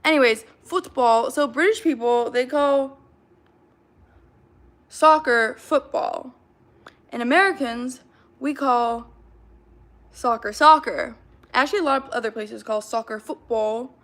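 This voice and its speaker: A young woman livestreaming, chatting fast and reading out comments from her chat. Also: a little high, a bit bright. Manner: chatty, hyper, reacts to comments, fillers of like.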